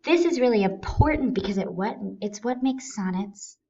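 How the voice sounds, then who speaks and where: A woman's voice: a little high, animated, moderate pace, dark tone, highs cut off. A woman teaching a recorded lesson, explaining things step by step in a patient way.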